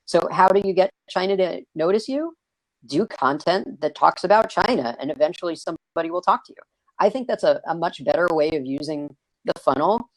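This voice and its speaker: Energetic man hosting a video stream. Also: on the high side, fairly quick, no echo, rough recording. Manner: energetic, excitable, raises his voice. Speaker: host. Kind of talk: casual live video-stream chat. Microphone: video call.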